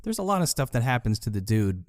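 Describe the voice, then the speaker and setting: A man's voice: medium pitch, big pitch swings, fast talker, dry recording, clean studio sound. A man co-hosting a podcast in casual chat, describing scenes step by step with fillers and light laughs. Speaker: podcast co-host.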